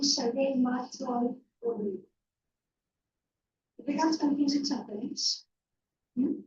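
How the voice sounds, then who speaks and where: A woman with a high, slightly mellow voice teaches an online English grammar lecture from a room, patiently checking understanding with frequent "yeah?" and "right?". The audio is roomy, distant and dull.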